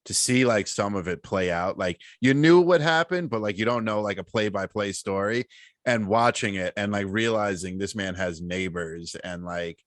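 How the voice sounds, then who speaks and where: A man co-hosting a podcast, telling stories in animated casual chat. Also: fairly low pitch, normal speed, no echo. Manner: laughing, animated storytelling. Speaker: podcast co-host.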